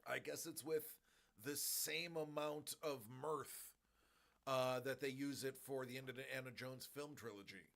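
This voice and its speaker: Slow-talking bright-voiced man ranting. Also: medium pitch, creaky. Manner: rambling, animated movie rant. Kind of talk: casual chat.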